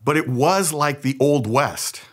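A man's voice: fairly high pitch, measured pace. A man from the San Francisco Bay Area preaching a sermon as pastor, telling a story in a conversational, humorous way.

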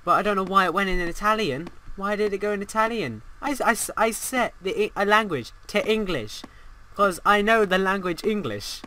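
A young man commentating a horror game as he plays, excitable and swearing, talking back at the game. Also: sits high, normal speed, slight background noise, poor audio. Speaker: gaming channel host.

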